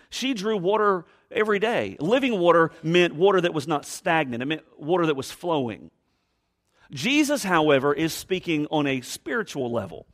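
A pastor with a high-pitched voice preaches a sermon, reading scripture and explaining it with expressive emphasis. At times he drops to a hush, and he acts out the voices he quotes.

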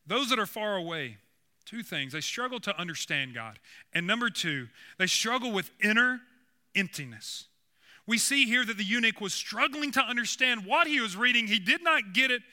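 A man's voice: sits high, lively intonation, normal speed, sharp tone. A man preaching a sermon as pastor, earnest and building to emphatic points.

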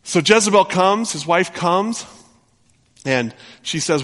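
A male pastor retelling a scripture story in an animated sermon, often restarting his sentences. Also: high-pitched, takes it slowly. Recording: long hall reverb.

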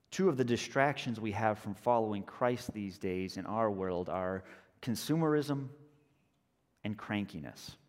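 A man preaching a sermon in a relaxed, conversational way, telling a story and slowing down for emphasis. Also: fairly low pitch. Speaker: pastor. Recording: long church reverb.

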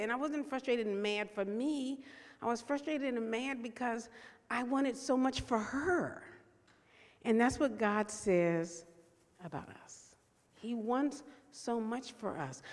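A woman's voice: medium pitch, darkish tone. Woman preaching in a reverberant hall. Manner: conversational and earnest, slows down to stress key words. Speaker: speaker at a church service. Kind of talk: sermon with personal story. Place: large room with an audience. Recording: long reverb of a large hall.

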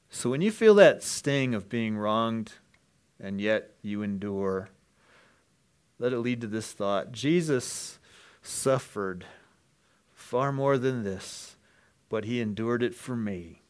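A man preaching an earnest sermon, dropping to hushed lines and then rising to loud, emphatic ones. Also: lowish voice, animated, takes it slowly, smooth. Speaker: pastor.

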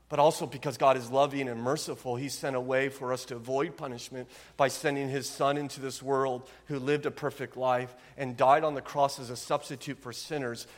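A man's voice: mid-range voice, long reverb tail. A man preaching a sermon as pastor, with an earnest, emphatic delivery and frequent rhetorical questions.

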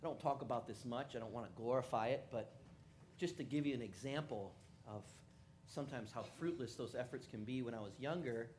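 A pastor with a mid-range male voice preaches a sermon at a fairly quick clip, over slight background noise. He prays and shares personal stories, animatedly acting out the voices of the people he quotes.

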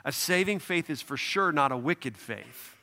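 A man's voice: fairly high pitch, lively intonation, a little slow, gravelly, pushed and bright. A man preaching a sermon as pastor, conversational and emphatic, asking his congregation questions. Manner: emphatic, repeats "no, no, no".

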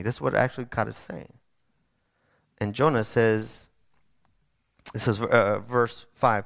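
Emphatic preacher, close dry sound. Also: male voice, fairly low pitch, steady tone, takes it slowly, gravelly, long pauses, a bit bright, dry recording. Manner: conversational, emphatic, with restarts. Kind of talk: sermon.

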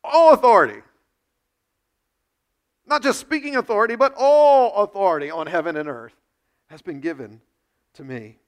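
A man preaching a sermon, animated, with quick asides to his listeners and acted quotes. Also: high voice. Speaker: pastor.

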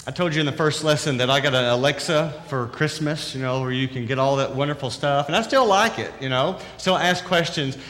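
A man's voice: on the high side, fairly quick, hardly any pauses, a bit bright, long reverb tail. A man with a Southern accent giving an earnest, conversational sermon that is full of rhetorical questions. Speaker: preacher.

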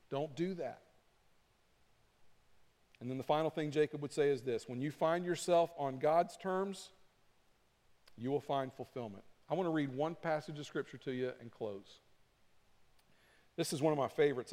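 A man preaching a sermon as pastor, earnest, dropping to a soft low voice when he prays. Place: church sanctuary. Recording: long hall reverb.

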